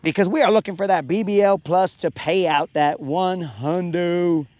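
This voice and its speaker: A man's voice: high voice, normal speed, darkish tone, no room sound. A man hosting a live fishing stream from a boat on a lake, chatting casually with his viewers in a rambling, jokey, self-mocking way. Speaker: fishing livestream host.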